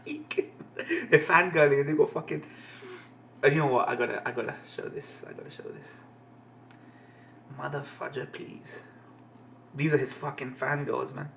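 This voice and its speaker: A man's voice: mid-range voice, unhurried, creaky, long pauses, a bit bright, slight background noise. A man streaming a live comic reading who swears constantly, laughs and rambles. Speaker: reaction streamer.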